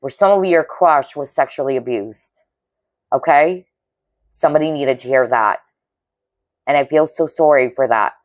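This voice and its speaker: A woman with an extremely low-pitched voice does a pick-a-card tarot reading, speaking earnestly, intuitively, and empathically to viewers and often checking in with "okay?" She seems emotionally moved, talks at a moderate pace with long pauses, and the recording is dry.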